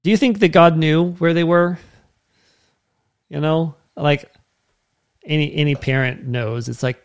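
A man's voice: on the high side, fairly even intonation, unhurried, pauses often, smooth. A man preaching a sermon as pastor, in a conversational way that keeps checking in with the listeners.

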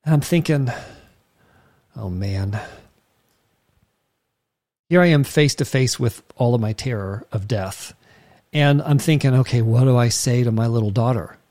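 A man preaching, telling a personal story with lively quoted dialogue and emphatic turns. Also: medium pitch, measured pace, long pauses. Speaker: pastor. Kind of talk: sermon storytelling.

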